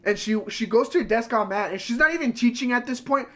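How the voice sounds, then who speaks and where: Guy with a pretty high voice, cursing a lot, telling a wild story casually at home. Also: animated, fast talker, pushed and bright. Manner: profane, heated storytelling. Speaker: streamer.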